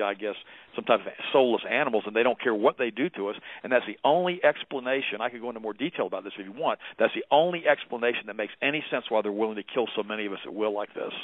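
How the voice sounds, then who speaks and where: A man speaking as a guest on a talk radio show, emphatic and preachy as he rushes through his points. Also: mid-range voice, no echo. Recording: dry, phone-like narrow sound.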